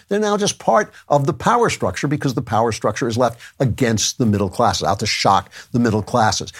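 A man's voice: mid-range voice, husky. A man hosting his own podcast, giving a conversational lecture with asides and reading an ad. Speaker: podcast host. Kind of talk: monologue and read ad.

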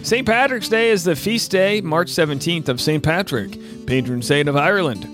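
A man's voice: a little high, expressive, normal speed. A man hosting a casual podcast, chatty and joking with many fillers. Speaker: podcast host. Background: faint Celtic music.

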